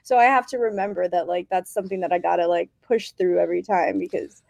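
A woman's voice: lowish voice, fairly even intonation, fast talker, gravelly, crowd noise. A woman guest in a casual live-stream chat, giggly and open about her nerves. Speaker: guest performer.

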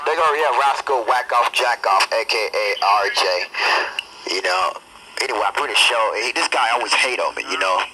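Loud excitable man on a noisy chat line. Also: on the low side, normal speed. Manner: excitable, keeps repeating "hey, hey, watch your mouth". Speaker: host of a homemade chat line show. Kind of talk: loud casual banter on a phone chat line.

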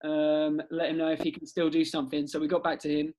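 Male podcast host, casual and excitable, slightly high voice. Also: fast talker, low-quality recording. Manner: chatty, laughs often, excitable. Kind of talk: casual chat.

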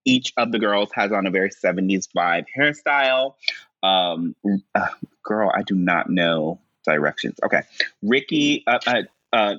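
A man talks through a TV scene at a slow, halting pace, full of "um" and "uh". His voice is bright and forward, and the sound is dry and a little dull. He often jumps up in pitch to quote the characters. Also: no room sound. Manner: slow, halting recap with frequent fillers and high-pitched quoted lines. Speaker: podcast co-host recapping a show. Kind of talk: casual chat, acting out scene dialogue.

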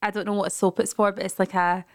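A woman co-hosting a podcast, gossiping eagerly with quick asides. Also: medium pitch, little pitch movement. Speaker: podcast co-host. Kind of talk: casual chat.

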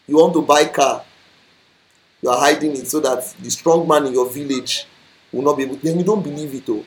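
Nigerian-accented pastor, animated sermon delivery, mid-range voice, pidgin asides. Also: medium pitch, a little fast, pauses often. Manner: emphatic, mixes in Nigerian pidgin. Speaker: preacher.

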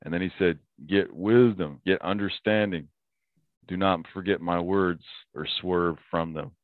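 A man with a very low voice talks earnestly in a relaxed interview, quick to quote a proverb and to laugh. The sound is thin and narrow, like a phone line. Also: dry recording. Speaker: podcast guest. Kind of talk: casual interview talk.

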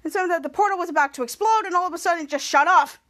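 A woman's voice: very high-pitched, racing, fairly bright tone. A woman podcast host narrating a TV episode recap in breathless play-by-play, quoting characters' lines.

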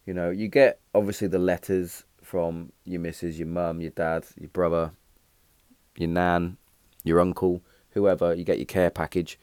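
Bloke, thirties, very low voice, dry close sound, rambling storyteller. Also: male voice, moderate pace, smooth, no echo. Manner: rambling, animated when telling a punchline, frequent restarts and fillers. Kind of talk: casual storytelling.

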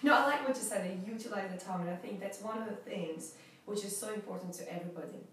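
A woman with a Russian accent hosting a casual interview, chatty and quick to affirm her guest. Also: mid-range voice, a little hiss or hum. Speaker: podcast host. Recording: roomy and distant mic.

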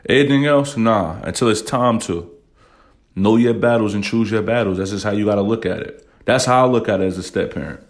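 Blunt, profane low-voiced man ranting. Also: brisk. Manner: blunt, profane, emotional, heavy use of "you know what I'm saying". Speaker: podcast host. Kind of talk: casual podcast rant.

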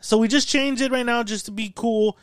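Recorded on a studio mic with no room sound, this podcast host has a very high voice and talks briskly. He swears a lot while telling stories in a lively, animated way during a casual chat.

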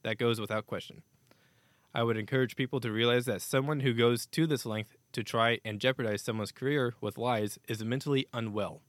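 A man's voice: medium pitch, fairly even intonation, brisk, no echo. A man hosting a casual hockey news podcast, reading statements aloud with offhand asides. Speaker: podcast host.

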